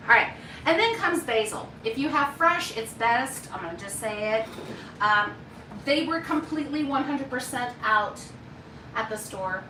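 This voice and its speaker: A woman's voice: on the high side, pushed and bright, echoey room, distant mic, slight background noise, low-quality recording. A woman hosting a live cooking demonstration, chatty and folksy as she talks straight to her viewers from her home kitchen. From United States. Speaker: cooking show host.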